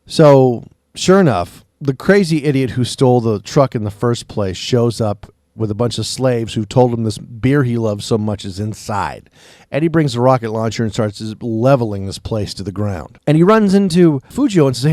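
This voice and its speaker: A man's voice: medium pitch, moderate pace, dry recording, studio quality. A man hosting a podcast, casually recapping and reviewing a movie, acting out the characters' lines as he tells the plot. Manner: animated retelling, acting out quotes.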